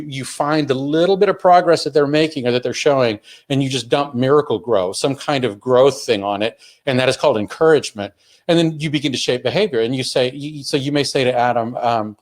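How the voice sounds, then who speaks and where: A man's voice: mid-range voice, fairly quick. An earnest man in the middle of an instructional talk. He lays out his points step by step, often restarting a sentence mid-thought as he explains. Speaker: webinar presenter on emotional learning.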